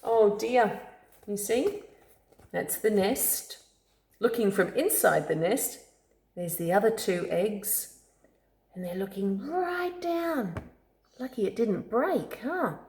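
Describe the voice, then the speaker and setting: A woman reading a picture book aloud to a child, slow storytelling with friendly asides. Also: mid-range voice, lively intonation, darkish tone. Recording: echoey room.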